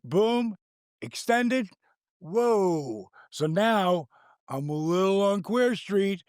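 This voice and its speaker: An older man with a gravelly voice, animated and swearing freely as he tells a story in casual chat, acting out the quotes. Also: fairly high pitch, no echo, clean studio sound. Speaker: guest.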